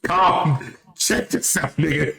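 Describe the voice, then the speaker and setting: A man's voice: fairly high pitch, slow, creaky, sharp tone. A man co-hosting a casual podcast chat, rambling and swearing, with many restarts. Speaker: podcast co-host. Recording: roomy echo.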